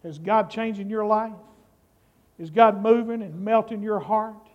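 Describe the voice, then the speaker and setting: A man delivers a sermon in a strikingly high voice. He preaches at an unhurried, deliberate pace. He leans on each phrase and rises to shouts at the climaxes. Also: lo-fi sound. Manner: slow, emphatic preaching that climbs to shouting. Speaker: pastor.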